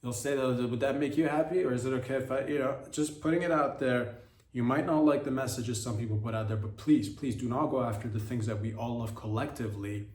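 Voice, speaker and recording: A man's voice: medium pitch, a little fast, darkish tone, distant mic. Man, comedy podcast host, rambling irreverent monologue, echoey room. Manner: rambling, irreverent rhetorical riffs.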